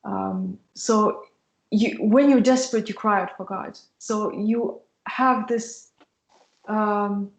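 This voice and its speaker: Flat-toned woman, in an echoey room. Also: mid-range voice, slow, creaky. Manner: earnest, explanatory, with frequent fillers. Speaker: co-host of a Christian mentorship show. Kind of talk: casual discussion. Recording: roomy echo.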